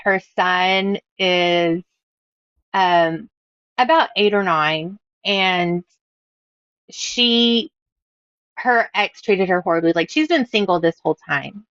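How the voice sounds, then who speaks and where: A woman's voice: on the low side, slow, long pauses, fairly bright tone, no echo, dull audio. A bubbly woman author in her thirties, chatting casually on a podcast and laughing at her own stories. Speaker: author guest.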